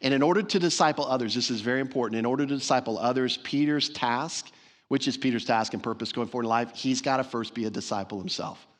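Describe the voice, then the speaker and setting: A man's voice: mid-range voice, fast talker, a bit bright. A man preaching a sermon as pastor, earnest and emphatic, repeating phrases for stress. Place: church sanctuary.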